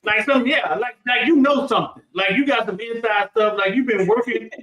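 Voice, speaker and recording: Distant, echoey high-voiced man. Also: a bit bright, highs cut off. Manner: halting, repeats words, coaxing. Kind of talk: casual livestream chat.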